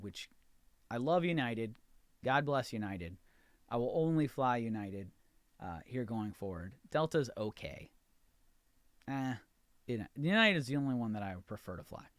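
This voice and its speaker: A man's voice: mid-range voice, expressive, normal speed, a bit bright, dry recording, clean studio sound. An American man hosting a podcast, telling a frustrated story in a ranting monologue and acting out both sides of the conversations. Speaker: podcast host.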